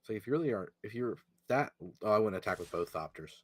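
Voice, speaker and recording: Deep-voiced laid-back man. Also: lively intonation. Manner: laid-back, offers measured strategy advice. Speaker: co-player giving advice on a stream. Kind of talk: casual chat over voice call.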